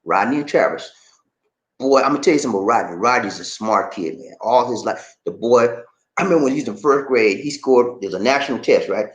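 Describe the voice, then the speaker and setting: Animated middle-aged man, lively storyteller. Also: mid-range voice, quick pace, reverberant, highs cut off. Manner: animated, laughing, outspoken storyteller. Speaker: YouTube show host. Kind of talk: casual live-stream chat.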